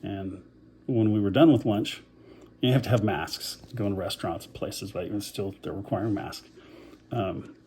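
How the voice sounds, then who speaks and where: Man, casual vlog diary, rambling and a bit winded, low mellow voice, faint background hum. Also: measured pace. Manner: rambling, many fillers, self-deprecating. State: short of breath after covid, on oxygen. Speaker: vlogger.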